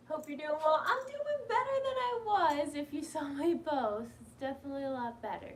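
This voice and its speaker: A woman's voice: high-pitched, expressive, normal speed, hardly any pauses. A young woman who works as a vet tech, chatting casually on a home livestream and talking to her pets. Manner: chatty, talks warmly to her pets between remarks. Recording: somewhat distant mic with faint background noise.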